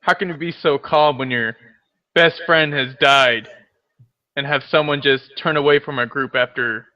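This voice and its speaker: Man playing a snide sharp-tongued adventurer. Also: mid-range voice, fairly even intonation, moderate pace, muffled recording, natural voice. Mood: reproachful.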